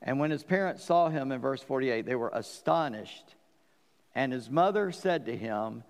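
A middle-aged man preaching a sermon, telling stories with joking asides and swinging between loud and quiet. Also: medium pitch, unhurried. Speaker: pastor. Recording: long hall reverb.

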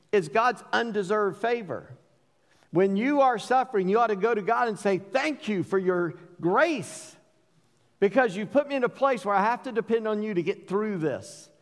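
A man preaching a sermon as pastor, earnest, dropping to a hush on key lines and rising when he pleads. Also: sits high. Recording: long hall reverb.

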